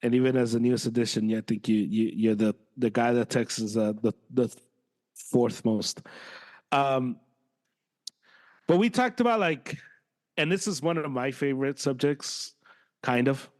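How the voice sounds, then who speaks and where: Animated man in casual podcast chat. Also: normal speed, pauses often. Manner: animated, jumps up in pitch when exasperated. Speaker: podcast co-host.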